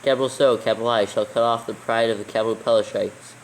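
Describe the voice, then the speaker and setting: A man reading a text aloud slowly for proofreading, calling out every comma, period and capital letter. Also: medium pitch, fairly even intonation, a little hiss or hum, rough recording. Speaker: reader dictating text for proofreading. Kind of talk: slow dictation with punctuation read aloud.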